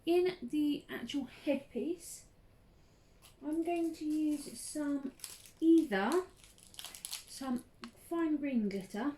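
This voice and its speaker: A woman's voice: high voice, mellow, a little hiss or hum. Bubbly woman chatting through a craft tutorial. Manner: chatty and bubbly, laughs often, many ums. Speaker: craft channel host. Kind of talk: casual crafting tutorial vlog.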